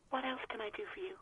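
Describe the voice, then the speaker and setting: A woman's voice: high voice, bright, forceful tone, a little hiss or hum, rough recording. A woman voicing a nervous young former bar waitress who talks on the phone, apologetic and evasive. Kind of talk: video game voice acting.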